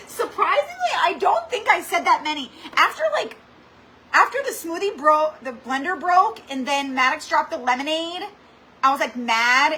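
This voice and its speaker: A woman with a high, bright, ringing voice hosts a casual craft livestream. She tells stories animatedly and dramatically, peppering every sentence with "like.". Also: a little hiss or hum, rough recording. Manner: animated, dramatic storytelling with lots of "like". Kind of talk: chatty livestream storytelling. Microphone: computer or camera mic for a live stream.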